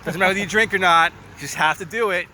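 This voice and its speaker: A man's voice: high-pitched, rapid-fire, bright, forceful tone, slight background noise. A middle-aged man from Maine hosting a podcast in casual chat, laughing often at his own jokes. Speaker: podcast host.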